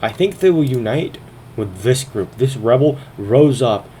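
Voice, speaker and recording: A man's voice: medium pitch, expressive, a little slow, warm tone, a little hiss or hum. A man casually commenting on a strategy game, thinking aloud as he narrates each turn, sometimes a little out of breath. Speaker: gaming video host.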